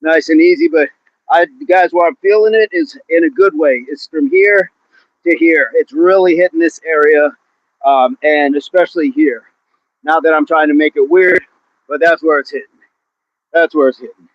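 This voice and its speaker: The muffled recording captures a man with a slightly high voice and fairly even intonation, speaking at a moderate pace. He's streaming a workout outside, chatting casually with his audience and grunting his reps while slightly out of breath.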